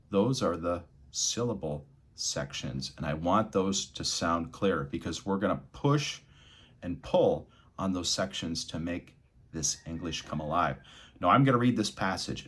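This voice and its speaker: A man tutoring English reading in an energetic, expressive lesson, swinging between quiet and loud. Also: sits low, slightly rough. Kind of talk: energetic spoken lesson with read-aloud demos.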